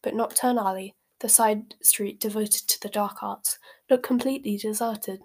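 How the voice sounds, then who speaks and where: A woman reading a novel aloud from a sheet, at an ordinary middle pitch. She trips over words now and then and corrects herself as she goes. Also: fairly even intonation, moderate pace, darkish tone. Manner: stumbles and corrects herself, laughs at slips. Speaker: reader.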